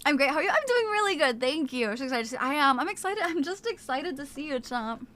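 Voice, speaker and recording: A young woman streaming from home, chatting casually with viewers in a bubbly, excited way while snacking on crackers. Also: high voice, fast.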